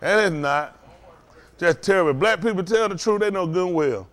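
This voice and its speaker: A man's voice: sits high, moderate pace. A man preaching a loose, conversational sermon, chuckling often and asking the congregation to agree. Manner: chuckling, asks the congregation "ain't that right?".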